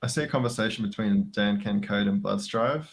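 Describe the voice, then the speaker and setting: A man co-streaming a coding session, relaxed and laughing often as he reads chat. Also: on the low side, fairly quick, creaky. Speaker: co-streaming guest programmer.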